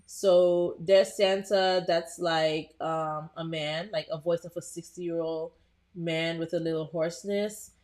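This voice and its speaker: A woman with a lowish voice hosting a live tutorial. She chats directly to her viewers as "you guys", narrating each click with plenty of "um" and "like". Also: fairly even intonation, slow pace, darkish tone. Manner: chatty, addresses viewers as "you guys", frequent "um" and "like". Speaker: host.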